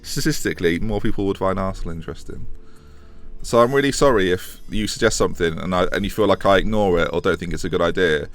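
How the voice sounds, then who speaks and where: A young man with a hoarse voice from a chest infection, rambling and correcting himself as he streams a football management game and answers chat questions. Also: low voice, fast. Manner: chatty, rambling, restarts and self-corrections. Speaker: gaming streamer. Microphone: desk microphone.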